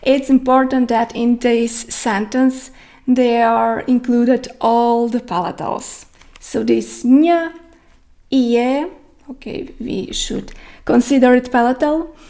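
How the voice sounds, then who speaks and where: A woman with a Croatian accent, a native Croatian speaker, teaching pronunciation slowly, with many pauses and fillers as she demonstrates sounds. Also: fairly high pitch, steady tone, dark tone. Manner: slow, hesitant, many fillers, careful demonstrations. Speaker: language teacher. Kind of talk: pronunciation lesson.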